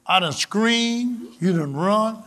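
A man in his seventies preaches in a church with a high, animated voice at a slow pace. He shouts in rhythmic call-and-response and drifts into folksy, joking asides.

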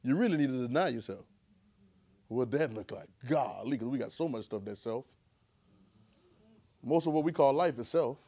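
A man preaching a sermon in church, calling and answering with the congregation and rising into shouts. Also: mid-range voice, animated, normal speed, pauses often, slightly rough. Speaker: pastor.

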